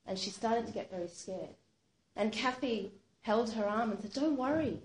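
A woman's voice: mid-range voice, normal speed. A woman telling a true-sounding story aloud in a conversational way, with plenty of "you know" and "sort of.". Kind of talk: spoken storytelling. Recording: roomy echo, faint background noise.

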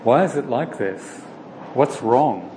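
A man leading a Bible study, praying and then teaching in an informal, halting way with many pauses. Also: medium pitch, lively intonation. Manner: slow, halting, with frequent "uh" pauses. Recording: long reverb with faint background noise.

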